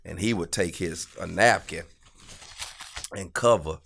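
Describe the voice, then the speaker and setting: A man, a comedian guest on a podcast, telling laid-back, animated stories in casual chat. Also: sits low, measured pace, creaky, a little hiss or hum. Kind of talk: casual storytelling.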